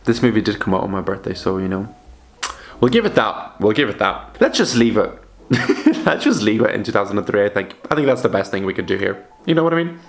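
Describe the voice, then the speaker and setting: Animated young man ranting casually. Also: on the low side, a little fast, creaky. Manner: animated, rambling, swears freely. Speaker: video creator reviewing films. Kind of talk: casual vlog commentary.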